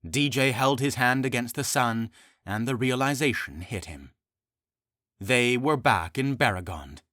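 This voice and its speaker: A man narrating his own fantasy comedy audiobook in an expressive, animated way. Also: mid-range voice, measured pace, dry recording, clean studio sound.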